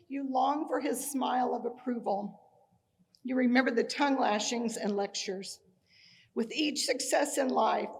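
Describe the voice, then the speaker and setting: A woman's voice: fairly high pitch, a little hiss or hum. Woman telling funny tribute stories. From Kansas, USA. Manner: humorous storytelling with acted-out dialogue. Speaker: speaker at a tribute ceremony. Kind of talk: personal tribute speech.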